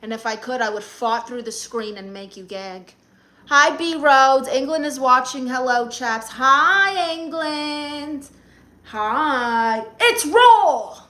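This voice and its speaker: A woman's voice: sits high, expressive, slow, sharp tone. A woman with a Brooklyn accent, chatting casually on a live stream and reading out viewer comments in a sassy, brash way. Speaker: livestreamer.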